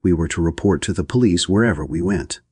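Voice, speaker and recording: A man narrating an audiobook in a plain, measured, understated way. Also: low-pitched, warm tone, husky, no room sound, clean studio sound.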